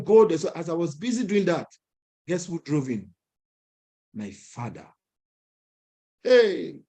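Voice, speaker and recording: This high-pitched young man is speaking at a gathering of entrepreneurs. He recounts something from his own life in an animated way, chuckling as he imitates the lines of others.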